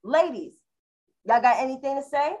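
A woman with a New York accent holding forth on a panel show. Her voice sits a little high, and she talks in a fiery, profane, mocking way, calling people out with relish. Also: lively intonation, normal speed, darkish tone. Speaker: podcast co-host. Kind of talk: heated casual panel chat.

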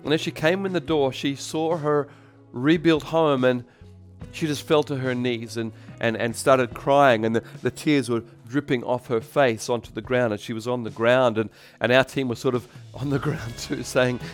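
A man preaching a sermon as pastor, animated, moving between loud calls for praise and quiet storytelling. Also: medium pitch. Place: church in Tokyo.

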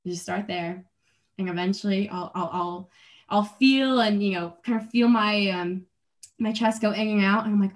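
A woman's voice: mid-range voice, normal speed. A young adult woman, an athlete guest in a casual interview, talking earnestly and rambling, with restarts and little laughs.

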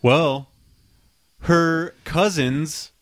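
A man's voice: fairly high pitch, very slow, no echo. A man hosting a podcast in casual banter. He teases his co-host with a dry manner, close on a studio mic.

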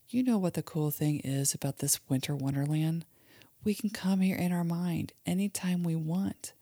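A woman with a fairly low, warm, mellow voice gently guides children through a calming imagery exercise. She often slips into soft whispers. The recording is close and dry, with no room sound. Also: gravelly, slightly rough, no room sound. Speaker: host and mother leading guided relaxation for kids.

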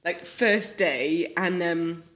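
A woman from Manchester chatting casually on a podcast, telling quick animated stories, recorded in a church hall. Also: lowish voice. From Manchester, England. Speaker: podcast co-host.

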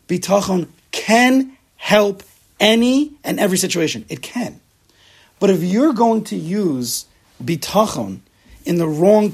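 A man teaching a Torah class to a room of listeners, animated and acting out people's inner voices, with Hebrew terms mixed in. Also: high voice, gravelly, breathy edge. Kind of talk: classroom lecture with student questions.

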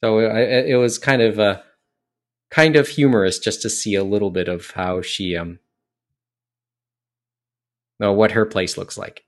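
A man's voice: fairly low pitch, unhurried, pauses often. Rambling male podcast host. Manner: rambling, with frequent fillers and restarts. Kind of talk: casual podcast chat.

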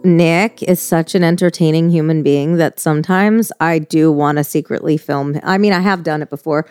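A woman's voice: low-pitched, fairly even intonation, moderate pace, darkish tone, clean tone. A young woman co-hosting a podcast, telling stories in a chatty, swearing, filler-heavy way. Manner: chatty storyteller, swears freely, lots of "like". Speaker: podcast co-host. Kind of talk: casual chat.

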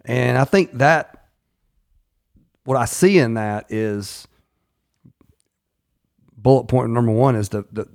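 A man co-hosting a business podcast, explaining in a relaxed, storytelling way. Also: mid-range voice, slow pace, vocal fry, pauses often, no room sound, studio quality. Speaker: podcast co-host. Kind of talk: casual chat.

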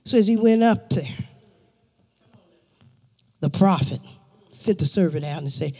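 A man preaching a sermon, repeating phrases in call-and-response style and rising to shouts. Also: fairly high pitch, expressive, unhurried, pauses often, husky. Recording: long hall reverb.

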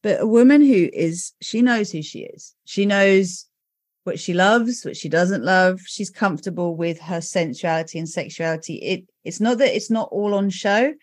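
Telling stories in a candid, casual conversation, this middle-aged podcast host speaks animatedly and keeps adding "you know" and "right?" Her voice sits on the low side at normal speed. The recording is dry and studio quality.

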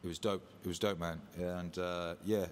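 A man hosting a casual livestream, hyped and loose, swearing and shouting out viewers. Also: sits low, level tone, moderate pace. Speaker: livestream host. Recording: echoey room with long reverb.

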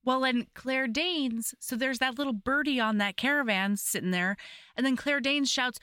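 A woman co-host retells her favorite movie moments in casual, gushing chat. Her voice is fairly high and bright, and it moves all over the place as she talks. The recording is close and dry. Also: moderate pace, clear, resonant tone, no echo. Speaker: podcast co-host.

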